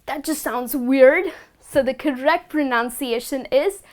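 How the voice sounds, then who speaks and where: Slow, high-voiced woman teaching pronunciation. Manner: instructive, slow and deliberate, repeats words carefully. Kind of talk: scripted lesson to camera.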